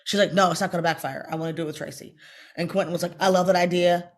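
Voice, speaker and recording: A middle-aged woman, an actress, telling a story in a casual interview. She is animated, acts out the voices she quotes and talks fast in bursts. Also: fairly low pitch.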